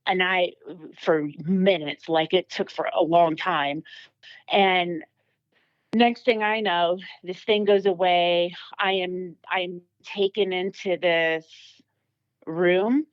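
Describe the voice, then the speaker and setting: A woman's voice: on the low side, fairly even intonation, takes it slowly, clean tone, highs cut off. A woman giving a personal testimony as a podcast guest, telling her story vividly with many fillers and restarts.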